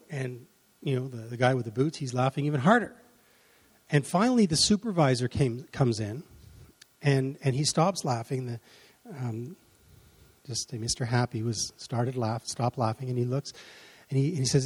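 A man's voice: medium pitch, moderate pace, a little mellow, breathy edge. A man preaching a sermon, telling a story in a rambling, self-correcting way and acting out the voices of the people in it. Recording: long reverb of a large hall.

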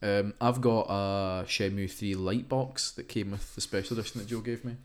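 A man co-hosting a casual podcast chat, bantering quickly and swearing freely. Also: lowish voice, fairly even intonation. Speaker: podcast co-host.

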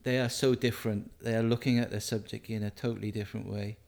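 A man interviews his guest in a relaxed way. He asks his questions in a conversational tone and adds praise with light laughter. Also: fairly low pitch, fast talker, gravelly. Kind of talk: casual interview.

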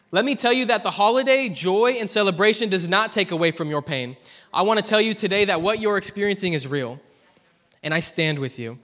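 A young man preaching a sermon at church, telling a personal story earnestly and dropping from loud to hushed. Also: sits high. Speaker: pastor. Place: church hall. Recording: long hall reverb.

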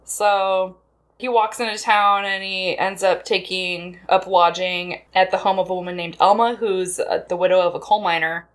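A woman co-hosting a podcast, recapping a film in casual chat and acting out lines in quick voices. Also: medium pitch, level tone. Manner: chatty, laughs often, acts out quotes in voices.

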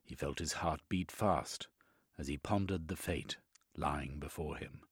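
Deep husky male storyteller. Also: unhurried, no echo, clean studio sound. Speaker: narrator. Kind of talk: storybook narration.

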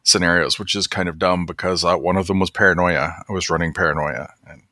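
A man's voice: low-pitched, fairly even intonation, fast talker, bright, forceful tone, no echo, clean studio sound. A man hosting a casual podcast chat about movies, rambling with many fillers and restarts. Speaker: podcast host.

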